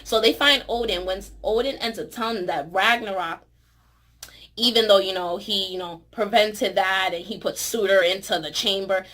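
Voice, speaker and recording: A woman's voice: mid-range voice, normal speed. Chatty woman gushing over a film. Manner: chatty, excited, full of "you know" and "like". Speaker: movie reviewer. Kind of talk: casual vlog review.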